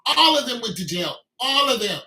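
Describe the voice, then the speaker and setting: A man's voice: very high-pitched, very animated, moderate pace, pushed and bright. A man delivering an emphatic, repetitive, scolding rant as a video commentator. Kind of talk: ranting commentary. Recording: echoey room.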